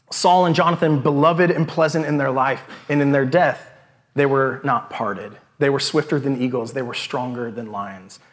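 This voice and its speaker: Male pastor, slightly high voice, conversational expository sermon, frequent check-ins, trails off soft on weighty lines. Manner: expository, reading scripture aloud and explaining it; many restarts, dropping to a soft low voice at solemn points.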